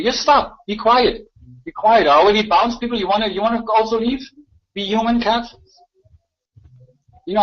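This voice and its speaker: A man ranting argumentatively in a live voice chat room, repeating himself and mocking others. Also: sits high. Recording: dull lo-fi voice chat audio.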